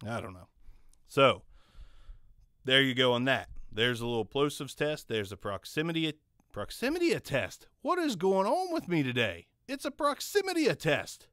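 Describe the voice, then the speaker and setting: A man's voice: mid-range voice, wildly swooping pitch, moderate pace, fairly bright tone, no room sound. A man casually reviewing a microphone he is testing, in a rambling, jokey, self-mocking way, recorded on a condenser studio mic in a home studio. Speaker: microphone reviewer and channel host. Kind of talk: casual gear review talk.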